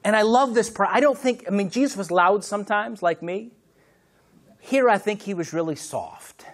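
A middle-aged man preaching a sermon as pastor, swinging from loud, animated bursts to hushed, near-whispered moments. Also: high-pitched, moderate pace.

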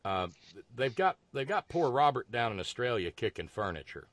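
Male talk host, animated delivery, dry asides while reading listener mail; dry booth sound. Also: medium pitch, moderate pace, no room sound. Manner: reads figures aloud with dry asides, some stammering.

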